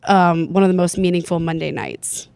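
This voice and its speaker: A woman's voice: fairly low pitch, gravelly, darkish tone, dry recording. A woman hosting an interview, chatting casually and affirming her guest often. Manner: affirming, quick back-channel responses. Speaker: podcast host.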